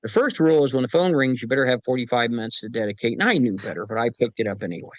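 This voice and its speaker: Guy spinning stories on a podcast, middle pitch, dead dry sound, chuckles into it and does little voices. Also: rapid-fire, no echo, poor audio. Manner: folksy anecdotes, acts out voices in quotes, chuckles. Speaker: paranormal team chief, podcast guest. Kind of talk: casual storytelling interview.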